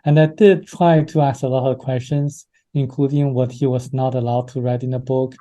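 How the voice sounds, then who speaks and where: A man being interviewed, telling a personal story with many pauses and fillers. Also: mid-range voice, steady tone, mellow. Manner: hesitant, many fillers and restarts. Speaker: interview guest.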